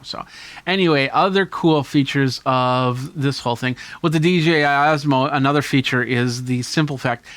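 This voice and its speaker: A man's voice: medium pitch, moderate pace, fairly bright tone, no room sound. A man hosting a tech video, casually and enthusiastically demonstrating camera gear hands-on. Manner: casual, enthusiastic show-and-tell.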